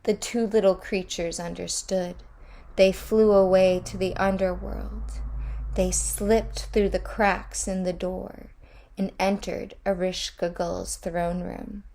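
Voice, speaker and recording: A woman reads a storybook aloud at an unhurried, measured pace. Her voice sits low and calm. Each line is placed with care. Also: vocal fry. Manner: measured, deliberate reading.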